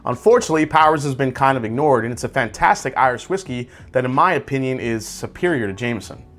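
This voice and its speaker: A man hosting a casual whiskey tasting review, describing tasting notes aloud in a relaxed, conversational way. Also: mid-range voice, fast. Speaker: whiskey reviewer, channel host.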